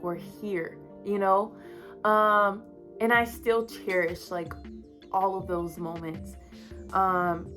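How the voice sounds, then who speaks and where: A young woman in her twenties talks straight to her viewers about something deeply personal. She rambles candidly, full of fillers and little asides, at a middle pitch. Faint music sits behind her voice. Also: fairly bright tone. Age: 20s. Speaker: vlogger. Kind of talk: personal storytelling to camera.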